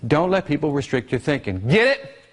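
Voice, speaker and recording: Over background noise, a man leads a live seminar at a fairly quick clip, full of energy and constantly quizzing the room. His pitch, a bit high for a man, rises and falls widely, and he checks in with listeners after nearly every point.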